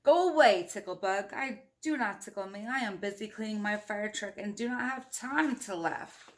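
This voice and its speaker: A woman voicing a busy fireman who loudly brushes off a pest in a storybook reading. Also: mid-range voice, normal speed, natural voice. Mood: brusque. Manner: loud, shooing. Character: busy fireman, brusque and dismissive.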